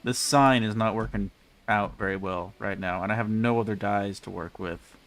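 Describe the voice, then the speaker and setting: A man's voice: on the low side, steady tone, moderate pace, a bit bright. A man casually rambling through live gameplay commentary, chatty and self-mocking, speaking into a desk mic with a pop filter. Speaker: game streamer.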